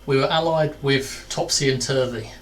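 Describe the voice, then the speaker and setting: A man plays a tabletop game, stumbling and repeating words as he explains himself. His pitch is mid-range, and a clear hiss of noise sits behind him. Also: fairly even intonation, moderate pace. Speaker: player. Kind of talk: tabletop game play, casual.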